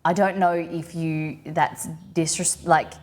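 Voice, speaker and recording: A woman's voice: fairly low pitch, little pitch movement, slow, darkish tone. A woman with an Australian accent hosting a live stream, chatting casually and rambling with lots of restarts as she answers viewers. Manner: acts out quoted phrases in playful voices. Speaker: livestream host. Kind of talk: casual chat reading viewer comments.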